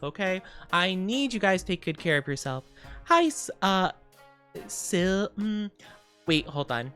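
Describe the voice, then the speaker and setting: A young adult woman streamer, tired and low on sleep, chatting casually and greeting her chat. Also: a bit bright. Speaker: VTuber streamer.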